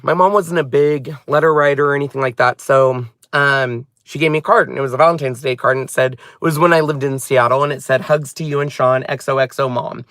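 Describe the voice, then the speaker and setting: A man hosting a crafting channel, telling a personal story in a halting, heartfelt way. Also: on the high side, steady tone, a bit bright, no room sound, studio quality.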